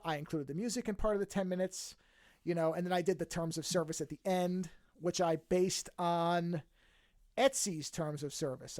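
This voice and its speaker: A man with a high voice rambles through casual podcast chat, restarting his sentences and amused at his own jokes. The sound is dry and close, with no room around it. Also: darkish tone, dry recording. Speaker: podcast co-host.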